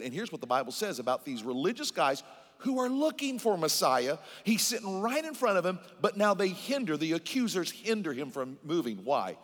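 Male pastor, sermon; lively, emphatic, higher-pitched preacher with long church-hall reverb.

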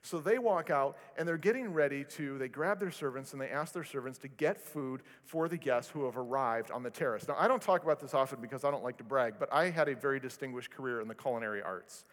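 A male pastor preaching a sermon, telling stories with animated delivery and self-deprecating humor. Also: medium pitch, fast talker, hardly any pauses. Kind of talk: sermon with storytelling. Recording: long reverb of a large hall.

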